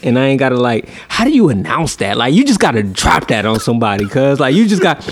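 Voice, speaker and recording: A young man in casual chat, laid-back and sometimes low and mumbled. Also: very animated, fast, slightly rough.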